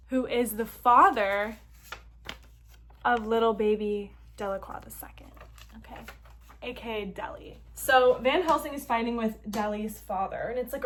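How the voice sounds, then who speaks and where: A woman hosting a casual story recap, chatty and playful, with lots of filler words and side comments. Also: on the high side. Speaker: host.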